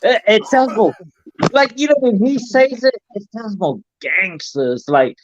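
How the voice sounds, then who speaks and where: A man, a podcast guest talking casually, playful and quick to apologize. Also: high voice, animated, no echo, highs cut off. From New Zealand. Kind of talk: casual chat.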